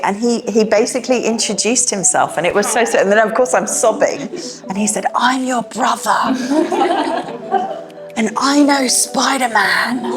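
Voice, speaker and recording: A middle-aged woman talking informally to parents, sharing home stories, with many fillers and restarts. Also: mid-range voice. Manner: chatty and warm-hearted, with many fillers and restarts. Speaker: education director speaking to parents. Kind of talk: informal talk to parents, personal anecdotes.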